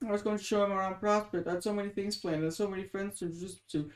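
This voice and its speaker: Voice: mid-range voice, fairly even intonation, racing, voice pushed up, close to an everyday voice. A reader voicing a grieving, frightened young female sprite, speaking in a sorrowful, pleading way close to tears. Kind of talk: dramatic reading of a webcomic. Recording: roomy echoing room.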